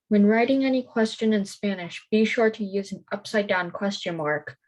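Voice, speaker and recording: A woman's voice: mid-range voice, darkish tone, poor audio. A woman student in an online class, reading the lesson text aloud carefully. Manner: careful, tentative.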